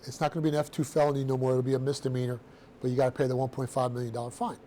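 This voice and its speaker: A middle-aged man telling his own story to a room of students in a blunt, streetwise, animated way, with casual slang. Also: mid-range voice, rapid-fire, slight background noise. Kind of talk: personal storytelling talk to students.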